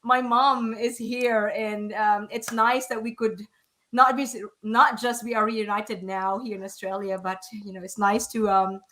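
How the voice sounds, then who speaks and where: A woman's voice: medium pitch, little pitch movement, measured pace, bright, forceful tone. A woman, hosting a live online show in an effusive, emotional way with many fillers. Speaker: host.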